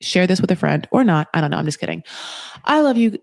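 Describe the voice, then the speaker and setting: A woman's voice: on the low side, lively intonation, quick pace, gravelly, darkish tone, no room sound, studio quality. A woman hosting a podcast, chatting casually in a rambling, sarcastic and playful way, swearing freely. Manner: playful and self-mocking. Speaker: podcast host. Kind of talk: casual reality TV recap chat.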